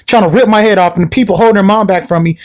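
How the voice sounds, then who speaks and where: A man hosting a podcast, telling a personal story in a casual, animated way, with many restarts and repetitions. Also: high voice, very fast. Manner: animated, acts out the people in his story. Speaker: podcast host.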